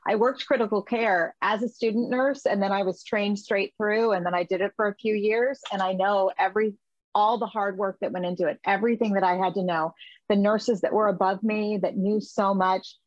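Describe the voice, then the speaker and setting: A woman's voice: medium pitch, fairly even intonation, moderate pace, no room sound, highs cut off. A woman host, herself a former nurse, chatting sympathetically and reminiscing. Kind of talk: casual conversation.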